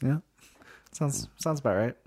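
Animated man chatting about comics. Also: medium pitch, a little slow, husky. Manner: animated, bursts into shouted exclamations. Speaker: podcast co-host. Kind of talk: casual comic book chat. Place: small echoey room.

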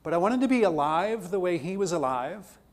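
Man lecturing with questions, slightly high. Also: expressive, a little fast. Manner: poses repeated questions to the class. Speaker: theology teacher. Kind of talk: classroom lecture.

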